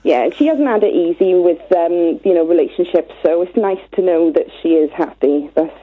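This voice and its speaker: A woman's voice: fairly low pitch, moderate pace, slightly rough. A woman in her twenties calling into a radio show, talking candidly and chatting easily with some laughter. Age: 20s. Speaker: caller. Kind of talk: casual phone conversation. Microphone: phone. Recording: tinny phone line.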